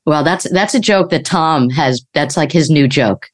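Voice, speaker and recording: A woman's voice: deep voice, normal speed. A woman from New York co-hosting a podcast, chatting casually and telling stories. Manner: storytelling, self-correcting. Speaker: podcast co-host. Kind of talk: casual chat.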